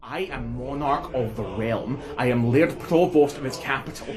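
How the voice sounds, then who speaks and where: A man playing a harried, hot-tempered woman monarch in a comedy sketch, sarcastic and quick to swear. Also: mid-range voice, a little mellow, pitched below the performer's own voice, natural voice. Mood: indignant.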